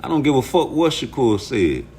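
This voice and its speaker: A man's voice: medium pitch, huge pitch swings, moderate pace, dark tone, a little hiss or hum. A man hosting a livestream, ranting at his chat about boxing in a profane, heated way, arguing with viewers. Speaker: boxing commentary streamer.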